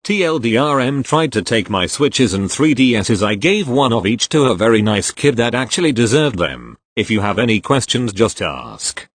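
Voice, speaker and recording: A man's voice: mid-range voice, sing-song, moderate pace, hardly any pauses, dry recording. A man reading online posts aloud as a story, at an uneven pace.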